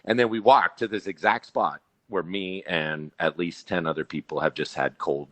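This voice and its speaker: A man's voice: low-pitched, moderate pace, no echo. A man on a podcast, telling a story in casual chat and acting out the people he quotes. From Billings, Montana. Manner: animated, acts out quoted people.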